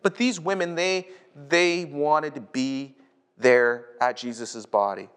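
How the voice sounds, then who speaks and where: A man from North America, a pastor, preaching a sermon in a casual, conversational way. He often repeats words as he starts a thought and rises sharply in pitch when retelling a story. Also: fairly even intonation, slow, fairly bright tone, clean tone.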